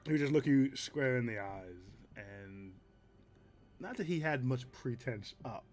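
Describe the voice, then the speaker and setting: A man running a tabletop game as game master, narrating in a relaxed, halting way. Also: medium pitch. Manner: relaxed, hesitant with fillers.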